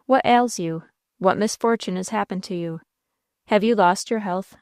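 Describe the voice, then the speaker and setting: An ardent young suitor from an old romance pleads with emphatic devotion, as a woman narrator voices him. The voice is smooth and clear, and the sound is close and dry. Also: mid-range voice, moderate pace, no room sound, natural voice. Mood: tender, pleading.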